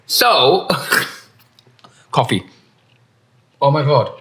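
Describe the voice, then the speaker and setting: A man's voice: mid-range voice, sing-song, very slow, fairly bright tone. A man co-hosting a podcast, ranting in an exasperated, emphatic way in casual chat. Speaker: podcast co-host.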